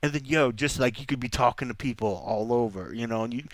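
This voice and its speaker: Man, middle-aged, podcast co-host, casual chat, rambling storyteller, medium pitch. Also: fast, no room sound. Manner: animated storyteller, rambling asides, acts out quotes.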